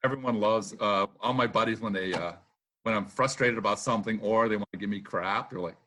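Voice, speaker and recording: A middle-aged man and former racer, a podcast guest who tells anecdotes casually, acts out the lines of the people in his stories and fills pauses with "uh" and "um.". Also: lowish voice. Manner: lively anecdotes, acts out quotes, laughs often; filler-heavy with "uh" and "um". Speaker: retired boat racer, guest. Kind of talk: casual storytelling interview.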